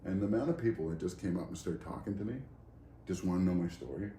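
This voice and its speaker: Low-voiced laid-back man chatting in an echoey garage. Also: quick pace, warm tone. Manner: laid-back, rambling, self-mocking. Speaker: co-host. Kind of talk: casual chat. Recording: roomy garage with faint background noise.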